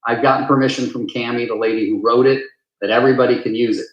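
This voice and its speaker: A man of middle pitch giving earnest, emphatic advice to a live audience, leaning on repeated words to drive points home. His voice carries a roomy echo around it. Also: fairly even intonation, quick pace, dull audio. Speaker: real estate coach. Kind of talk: live town hall talk.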